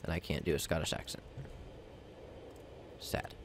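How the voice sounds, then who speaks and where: A man's voice: measured pace, background noise. A man giving casual gameplay commentary, rambling and self-mocking as he talks himself through crafting. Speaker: let's play gamer.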